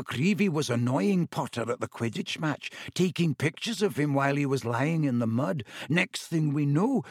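A man voicing a stout, stubborn schoolboy who talks slowly and solemnly in a hushed, conspiratorial way. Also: fairly high pitch, slightly rough, no room sound, studio quality, heavily acted. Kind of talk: audiobook character voice.

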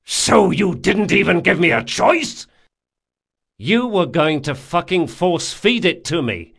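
A man voicing a big, strong, loyal male thief who speaks in a measured, firm way in an audiobook. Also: on the low side, big pitch swings, gravelly, heavily acted. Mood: furious anguished. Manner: measured and firm, bursting into roars. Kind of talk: audiobook character voice.

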